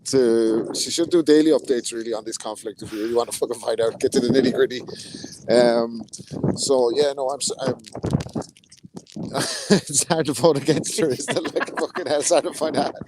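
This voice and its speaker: A man's voice: medium pitch, steady tone, normal speed, background noise. A man co-hosting a boxing podcast, chatting in sweary, laughing banter. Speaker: podcast co-host.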